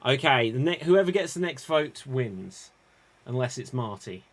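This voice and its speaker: A man's voice: mid-range voice, sing-song, unhurried, a loud crowd. A man hosting an online improv game show, playful and self-mocking.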